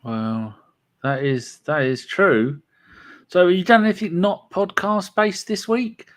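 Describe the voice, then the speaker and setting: Teasing man, fairly high voice. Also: unhurried. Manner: teasing, sweary banter. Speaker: podcast co-host. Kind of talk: casual chat.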